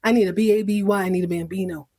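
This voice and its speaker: A woman's voice: mid-range voice, steady tone, very fast, a little mellow, dry recording, clean studio sound, close to an everyday voice. A woman voicing a distraught young wife fixated on having a baby, insistent and repetitive. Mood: desperate.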